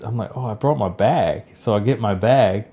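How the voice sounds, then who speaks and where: A man's voice: on the low side, moderate pace. A middle-aged man, co-hosting a podcast, telling a personal story casually and acting out the lines of people in it. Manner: animated storyteller, acts out quoted lines. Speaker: podcast co-host.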